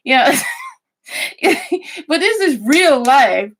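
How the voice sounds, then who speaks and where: A woman's voice: on the high side, sing-song, unhurried, vocal fry. A woman vlogger chatting casually at her computer, rambling and restarting her sentences as she thinks aloud. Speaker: YouTuber. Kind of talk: casual vlog chat.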